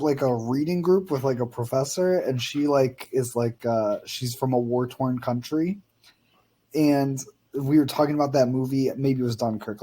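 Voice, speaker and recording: A man's voice: mid-range voice, dark tone. A young man co-hosting a film podcast, opinionated and filler-heavy, telling stories. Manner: opinionated, lots of fillers, storytelling. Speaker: podcast co-host. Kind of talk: casual film-review chat.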